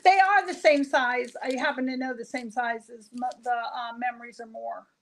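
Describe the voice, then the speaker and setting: A woman's voice: fairly high pitch, fairly even intonation, moderate pace. An American woman from Florida, a guest in a live craft class, chatting in a rambling way and laughing easily. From Florida, USA.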